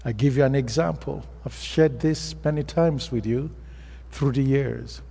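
A man's voice: medium pitch, unhurried, gravelly, mellow, breathy edge. A man with an African accent, a pastor preaching a sermon and telling stories in a plain, earnest way. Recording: long reverb of a hall.

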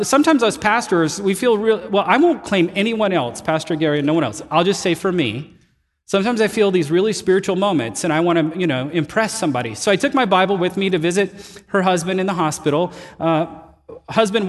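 A man preaching with a fairly high voice, telling his stories in a relaxed, chatty way and often poking fun at himself. His voice rings out with a long reverb tail, like a large hall. He sounds like a pastor talking to his congregation. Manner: conversational storytelling, animated and self-deprecating. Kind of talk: sermon.

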